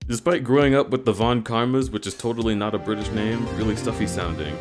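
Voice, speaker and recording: Talking fast in a lowish voice, a man plays a video game on a live stream and banters with chat. He's goofy and teasing, and game music can be heard in the background.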